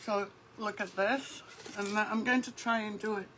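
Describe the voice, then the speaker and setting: A woman's voice: mid-range voice, fairly even intonation, normal speed, bright, forceful tone, low-quality recording. A woman hosting a casual craft livestream, chatting and greeting viewers by name as she works. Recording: faint background noise.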